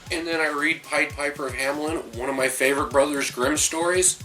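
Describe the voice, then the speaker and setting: A man talks through a casual movie review in a bright, forceful voice, picked up from a little way off the mic. Faint music sits under him. He rambles and restarts, often breaking off his own sentences. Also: fairly high pitch, steady tone, a little fast, distant mic. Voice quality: rambling, restarts and self-interruptions.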